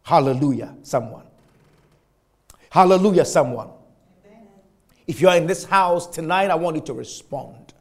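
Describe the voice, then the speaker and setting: A man preaching a sermon to a church congregation, reading scripture in a dramatic, drawn-out and emphatic way. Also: fairly high pitch. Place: church, with the sermon also streamed.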